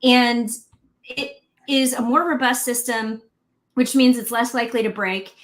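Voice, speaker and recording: A woman's voice: fairly high pitch, steady tone, a little slow. A woman co-hosting a truck livestream, explaining things in an easygoing way with plenty of fillers. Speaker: co-host of a truck show. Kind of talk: casual livestream chat.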